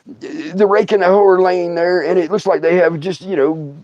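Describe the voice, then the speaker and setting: A middle-aged man telling stories on a livestream in a casual, animated way, laughing often and acting out other people's voices. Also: high voice, moderate pace, no room sound, lo-fi sound. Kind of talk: casual storytelling.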